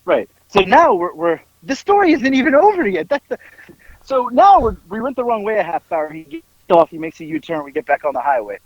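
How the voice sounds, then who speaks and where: A man telling stories in a casual podcast chat, with lively mimicry of the people in them. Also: fairly quick, no echo, dull audio. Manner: animated, mimics others in a high strained voice. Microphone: headphones over remote call.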